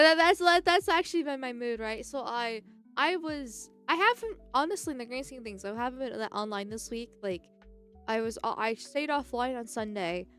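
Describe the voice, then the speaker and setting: A young woman chats loosely on a live stream, her voice sitting a little higher than most. She restarts sentences often and reads out chat messages. Faint music plays underneath. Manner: rambling, frequent restarts and laughs, reads chat aloud.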